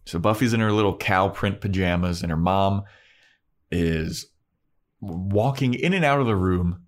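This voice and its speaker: A man co-hosting a podcast, recapping a TV episode in casual chat and acting out the characters' lines. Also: measured pace. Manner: animated recapper who acts out characters in high falsetto voices.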